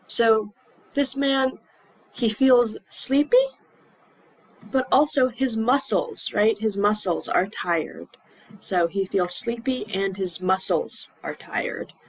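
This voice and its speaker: A woman teaching English to learners, repeating words slowly and acting out aches and symptoms with little groans. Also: mid-range voice, no room sound, rough recording. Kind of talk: slow classroom explanation.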